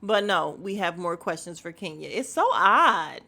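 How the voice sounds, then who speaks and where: A woman hosting a podcast in casual chat, blunt and profane, talking to her listeners about a reality show in an animated way. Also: lowish voice, normal speed, vocal fry. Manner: animated, mimics voices of others in quotes.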